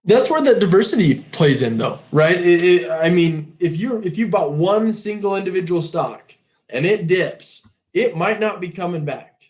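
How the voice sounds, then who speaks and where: A man joining a relaxed podcast discussion with a fairly high voice. He explains his point plainly in a conversational way. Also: moderate pace. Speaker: podcast co-host. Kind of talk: casual podcast chat.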